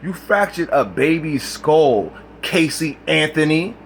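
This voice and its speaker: A man's voice: fairly high pitch, expressive, takes it slowly, a little hiss or hum. A man recording a reaction video, ranting in a heated, profane way. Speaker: YouTuber.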